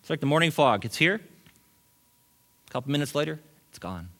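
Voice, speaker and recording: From a church sanctuary comes the sermon of a middle-aged pastor who swings between emphatic, loud points and hushed asides, punctuated by quick chuckles. His voice is a little high and his pace brisk.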